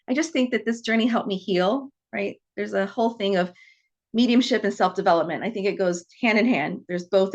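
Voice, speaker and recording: Here the forties-aged psychic medium shares her story for a podcast with lively energy, voicing the conversations as she goes. Her voice sits in the mid-range, and the audio is dull.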